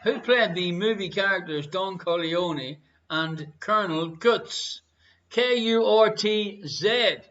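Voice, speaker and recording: A man with an Irish accent hosting a live online quiz, playful and repeating each question slowly. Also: high voice, fairly bright tone, muffled recording. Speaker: quiz host.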